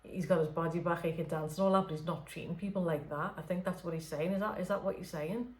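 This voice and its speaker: Late at night, a woman acting as a spirit medium talks softly through an unscripted channelling session, hesitant and restarting often amid many fillers. Her lowish voice is fairly even in intonation, she talks fast, and the sound is roomy.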